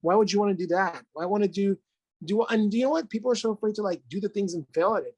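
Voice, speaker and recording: Husky, fired-up motivational man. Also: high-pitched, quick pace, low-quality recording. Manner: energetic, profane, motivational, laughs often. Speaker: life coach, podcast guest. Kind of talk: casual podcast conversation.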